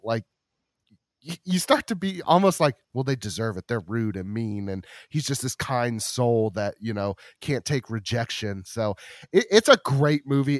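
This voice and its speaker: A man with a medium-pitched voice hosts a podcast, chatting casually and enthusiastically. He rambles with frequent restarts, and the recording is dry and studio quality.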